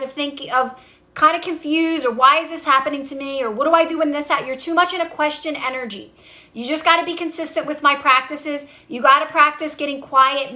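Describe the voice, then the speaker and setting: A woman on a phone livestream, coaching viewers in a casual way, repeating calm instructions and answering their comments. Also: high voice. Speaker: manifestation coach. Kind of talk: casual TikTok live talk.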